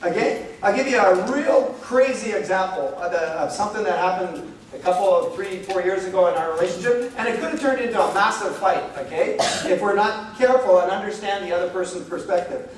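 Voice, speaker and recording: Brief: middle-aged man, light high voice, animated joking speaker, echoey room from far off. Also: a little fast, few pauses, slight background noise. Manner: animated, joking, many "okay?" and "like". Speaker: speaker at a church marriage talk. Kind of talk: relaxed storytelling talk. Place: church hall.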